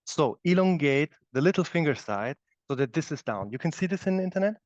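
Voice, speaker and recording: A man's voice: a little high, lively intonation, brisk, darkish tone, no room sound. A man teaching a live yoga class, demonstrating the moves as he explains them and often checking in with "okay?". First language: German. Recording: dull, dry studio recording.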